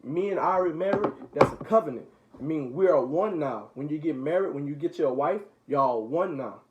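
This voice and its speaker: A young man leading a Bible study for his little brother, reading passages and retelling them in relaxed slang. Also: on the high side, normal speed, lo-fi sound, heavy background noise. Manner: paraphrases scripture in relaxed slang. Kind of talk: casual Bible reading and explaining.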